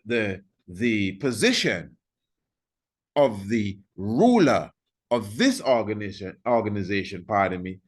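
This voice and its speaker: Man lecturing on history, slow and deliberate, pitch jumping all over, keeps quizzing the listener. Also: husky. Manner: emphatic, repeats points, asks the listener rhetorical questions.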